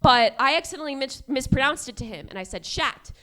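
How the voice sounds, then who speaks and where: A woman in her twenties doing a stand-up comedy set on a club stage, deadpan delivery and laughing at her own jokes. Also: high voice, fast. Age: 20s.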